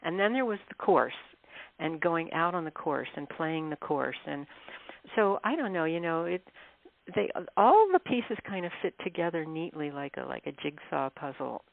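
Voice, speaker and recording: A woman with a low voice chats as a guest author, spinning travel stories and laughing easily. She comes through a narrow, tinny phone line with a dry, close sound. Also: animated, normal speed, no room sound. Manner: chatty, laughs often, clears throat. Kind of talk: casual interview storytelling.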